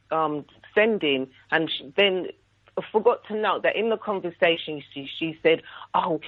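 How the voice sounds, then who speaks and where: A woman phones in to a radio talk show and tells her story with indignant energy. She acts out the other voices as she goes. The sound is thin and tinny, like a telephone line. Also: sits low. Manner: indignant, animated retelling with quoted dialogue. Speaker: radio caller. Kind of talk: call-in story telling.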